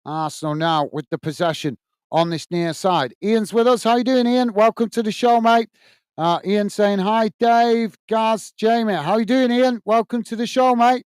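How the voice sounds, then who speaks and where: A man hosts a live football watch-along in a casual, chatty way, greeting viewers and calling the action. His voice is smooth and slightly high. The sound is dry and close to the mic. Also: moderate pace, dry recording. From United Kingdom. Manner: chatty, reads out viewer messages, calls play-by-play. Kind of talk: casual live commentary and chat reading.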